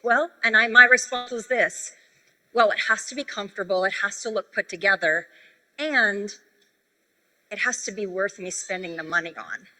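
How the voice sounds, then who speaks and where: A woman gives a sales training talk from a convention stage, chatty and animated as she tells her stories. Her voice is bright and fairly high. The sound rings out in a large hall with a long reverb. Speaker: convention speaker.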